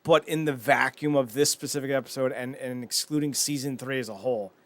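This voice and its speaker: A man co-hosting a casual talk show, animated and swearing, acting out scenes as he recaps them. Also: medium pitch, fairly quick, no room sound. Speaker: podcast co-host.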